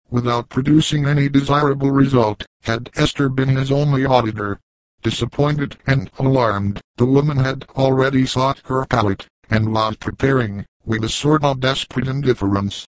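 A man's voice: mid-range voice, normal speed, dry recording, low-quality recording. Man reading a classic novel aloud. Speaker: audiobook narrator. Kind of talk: audiobook narration.

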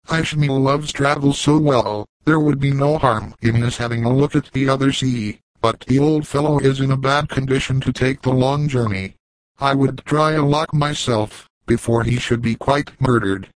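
A man's voice: medium pitch, normal speed, no echo, close to an everyday voice, rough recording. A man reading the part of a hot-tempered young frontiersman in a storybook, blustering and scornful. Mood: defiant.

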